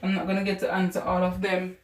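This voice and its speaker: A woman's voice: on the low side, completely flat delivery, fast, roomy sound, a little hiss or hum. A woman with a Caribbean English accent tutoring math on a casual livestream, chatting with viewers as she works through problems. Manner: chatty, talks to viewers and answers chat.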